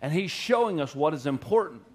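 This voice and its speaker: A male pastor delivering a sermon with a notably high voice. He retells the story vividly, repeating key phrases for emphasis. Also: brisk. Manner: animated storytelling, repetitive emphasis.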